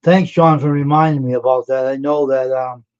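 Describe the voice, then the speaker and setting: A man's voice: medium pitch, steady tone, moderate pace, darkish tone, clean tone. A man hosting a casual live stream, chatting with viewers by name and asking them questions. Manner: chatty, greets and quizzes chat viewers by name. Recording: dull lo-fi sound.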